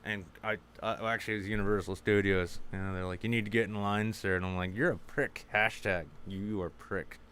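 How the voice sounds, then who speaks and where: A man co-hosting a comedy podcast, chatting crudely and jumping into high mocking voices for the people in his stories. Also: pushed and bright, smooth. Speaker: podcast co-host. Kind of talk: casual comedic chat.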